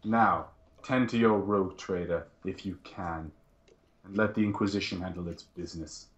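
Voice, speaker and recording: Man doing a cold, haughty Inquisitor with a lowish voice, echoey room. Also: normal speed, dull audio, lightly acted. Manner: haughty, threatening. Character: stern male Inquisitor, cold and menacing.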